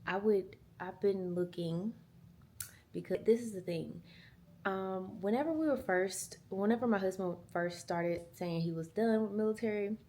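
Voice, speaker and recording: Chatty young mom talking to camera. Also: female voice, medium pitch, measured pace, slight background noise. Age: 20s. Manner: chatty, animated, uses y'all and girl. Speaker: mom vlogger. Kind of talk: casual chat to camera. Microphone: small handheld camera.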